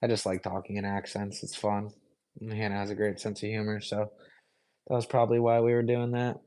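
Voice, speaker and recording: A man's voice: lowish voice, little pitch movement, brisk, warm tone, poor audio. A young man hosting a live stream, answering viewer questions in an easygoing, rambling way full of fillers. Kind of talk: casual live Q&A chat.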